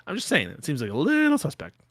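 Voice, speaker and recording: A man reacting to clips in a casual, sarcastic, joking way. His mid-pitched voice swings around a lot, recorded dry and close. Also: wildly swooping pitch, quick pace, no echo. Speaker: stream guest commentator.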